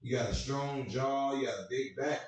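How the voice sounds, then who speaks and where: A man voicing his older father, who gives slow, matter-of-fact advice about having children. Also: medium pitch, crowd noise, lightly acted. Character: older father pushing his son to breed. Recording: very echoey room, mic far off.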